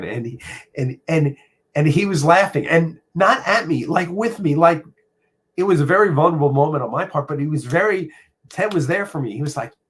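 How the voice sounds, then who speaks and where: This middle-aged man's fairly high, husky voice comes from a home room where he's hosting a casual live stream. He talks personally and reflectively, pausing often and using fillers.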